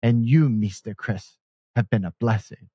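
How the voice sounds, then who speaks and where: An earnest, gentle young waiter speaks in a heartfelt way, as a storyteller quotes him. The voice stays close to the narrator's own everyday voice. The sound is dry and slightly muffled. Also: male voice, fairly low pitch, measured pace, breathy edge, dry recording.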